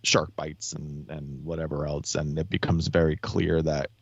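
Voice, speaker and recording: A man's voice: extremely low pitch, little pitch movement, measured pace, no echo. A man, a podcast guest, chatting casually and circling back with many restarts and fillers. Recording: dull lo-fi sound, dry.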